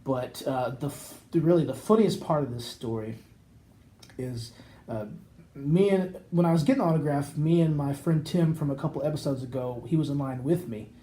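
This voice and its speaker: A man's voice: fairly high pitch, normal speed. A man co-hosting a podcast, telling a long casual anecdote and acting out the people in it. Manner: rambling, animated anecdote with acted quotes. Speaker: podcast co-host. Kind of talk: casual storytelling chat.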